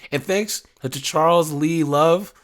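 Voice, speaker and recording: A man's voice: fairly high pitch, slow. A man hosting a casual true-crime commentary, talking in a loose, rambling way full of fillers.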